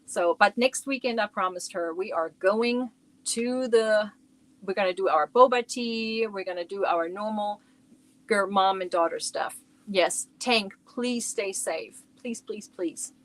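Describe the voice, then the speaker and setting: A woman's voice: medium pitch, unhurried. A middle-aged woman chatting casually on her crochet livestream from home, rambling and talking to viewers by name.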